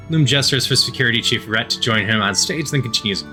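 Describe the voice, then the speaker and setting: Bright-voiced man narrating a game. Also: mid-range voice, soft background music. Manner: reads quickly with stumbles and laughing asides.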